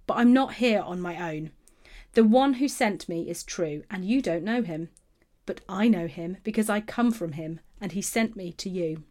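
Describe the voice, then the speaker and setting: Woman reading as Jesus, earnest and measured. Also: medium pitch, darkish tone, lightly acted. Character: Jesus, calm grown male teacher. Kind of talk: Bible reading.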